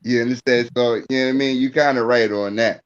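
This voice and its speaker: A man's voice: medium pitch, steady tone, fast talker, clear, resonant tone. Call-in guy, chill, says man a lot, kinda muffled lo-fi sound. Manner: laid-back, repeats phrases. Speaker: call-in guest. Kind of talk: casual sports chat.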